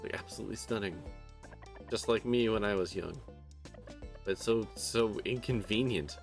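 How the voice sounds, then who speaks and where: A man's voice: lowish voice, normal speed, creaky, soft background music. A man voicing bossy older village women in a video game who play matchmaker, reading their lines in a theatrical, coaxing way.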